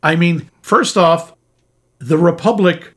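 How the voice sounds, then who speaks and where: A man's voice: fairly high pitch, slow, a bit bright, husky. Chatty man co-hosting a film podcast. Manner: chatty, digressive, with restarts and mock voices. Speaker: podcast co-host. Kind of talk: casual film discussion.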